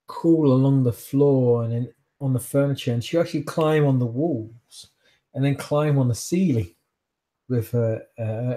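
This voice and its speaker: A man runs a tabletop game, describing the scene in a halting, word-searching narration. His voice is mellow and dark, with an average pitch. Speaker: game master.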